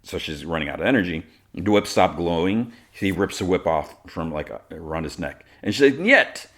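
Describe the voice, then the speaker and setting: A man's voice: sits low, brisk. A man hosting a podcast, casually recapping a cartoon episode with lots of filler words. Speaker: podcast host.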